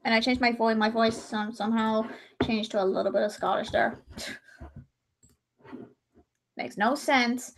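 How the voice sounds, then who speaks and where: A woman's voice: fairly high pitch, steady tone, measured pace, long pauses, slight background noise. A young woman chatting casually on her livestream, rambling and often breaking off to restart her sentences. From Ireland.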